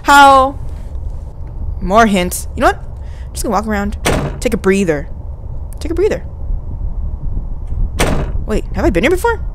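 Lively-voiced young woman chatting through a game. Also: medium pitch, fast, background noise. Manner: chatty, talks to herself, easily startled. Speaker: let's play host. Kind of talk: casual gameplay commentary.

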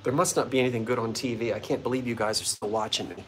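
A man's voice: medium pitch, fairly even intonation, racing. Chatty man hosting a playful live sale. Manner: chatty and playful, joking with viewers. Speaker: vintage shop owner hosting a live sale stream. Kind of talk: casual live-stream chat. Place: front porch of an old bungalow at sunset.

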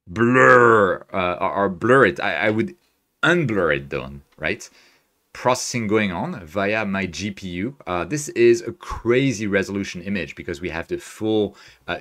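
A man chatting casually through a live stream as he edits images, excitable and quick to laugh, with a hard-to-place non-native accent and frequent restarts. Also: low voice. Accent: hard-to-place, non-native English. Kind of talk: casual live-stream commentary while editing.

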